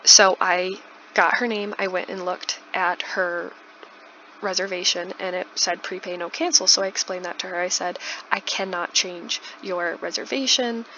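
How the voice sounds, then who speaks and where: A woman's voice: lowish voice, flat delivery, moderate pace, bright, forceful tone. A young woman in her twenties telling a casual storytime while doing a building game, chatty with lots of likes and restarts. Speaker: YouTuber. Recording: dull lo-fi, faint noise.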